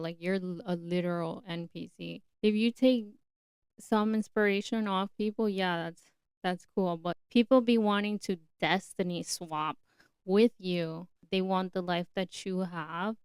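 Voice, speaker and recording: A woman's voice: on the low side, fairly even intonation, unhurried, clean tone, no room sound, studio quality. A young woman hosting a podcast, talking in a blunt, opinionated and chatty way. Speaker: podcast host. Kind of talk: casual solo podcast talk.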